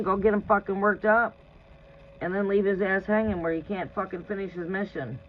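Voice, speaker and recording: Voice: mid-range voice, steady tone, a little fast. Blunt, profane tarot reader, lo-fi sound. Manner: blunt and profane, laughs often. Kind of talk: live tarot reading, casual advice. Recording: dull lo-fi sound with faint noise.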